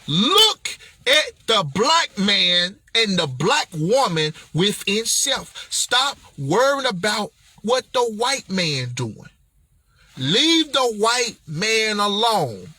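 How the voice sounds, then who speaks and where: A man delivering an impassioned motivational message, blunt and confrontational in a preacher-like way, often raising his voice to a shout. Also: sits high, very animated, slow pace, no room sound. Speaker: motivational speaker.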